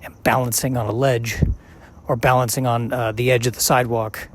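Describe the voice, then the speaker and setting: A man in his forties talks casually to himself on a walk, circling back to his own questions and stumbling over restarts. His voice sits at an ordinary middle pitch, and faint outdoor noise hums behind him. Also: flat delivery. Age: 40s. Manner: musing, self-questioning, halting with restarts. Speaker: podcast host. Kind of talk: casual rambling monologue while walking outside. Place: outdoors, walking on a sidewalk.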